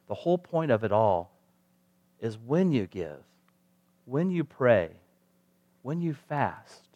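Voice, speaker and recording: A male preacher delivering a sermon in a relaxed, conversational tone. His voice sits in an ordinary middle pitch, and he leans on rhetorical questions to draw listeners in.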